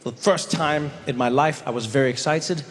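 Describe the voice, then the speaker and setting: A man performing a stand-up comedy set, telling stories in an animated way with sudden exaggerated voices. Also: fairly high pitch, brisk. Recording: long hall reverb, faint noise.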